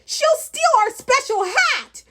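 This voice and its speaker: A woman voicing a gang of panicky male goblins in a storybook reading, yelling shrilly. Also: very high voice, lively intonation, slow pace, pitched above the performer's own voice, exaggerated voice.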